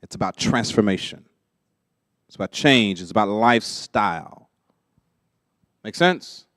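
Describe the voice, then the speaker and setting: A man's voice: lowish voice, animated, a little slow, a bit bright, no room sound, studio quality. A man leading a church teaching workshop, conversational and often checking that listeners follow. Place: church classroom.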